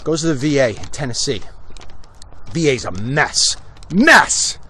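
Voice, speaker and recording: This man's voice is medium in pitch, husky, and fairly bright, animated at a moderate pace. He offers heated, blunt political commentary on a walk-and-talk livestream, holding his phone as he moves along an outdoor street.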